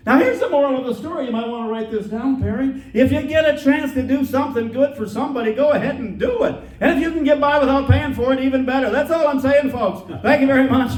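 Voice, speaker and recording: Self-mocking male stand-up storyteller, high and bouncy delivery, echoey theater, mic heard from afar. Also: darkish tone. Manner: folksy, self-mocking, laughs at his own jokes. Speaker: stand-up comedian. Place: theater stage. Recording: roomy theater sound from a distance.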